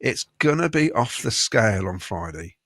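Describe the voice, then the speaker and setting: A man's voice: on the low side, sing-song, moderate pace, a bit bright, no room sound, clean studio sound. A man hosting a casual football fan podcast, chatting, laughing often and reading out viewer messages.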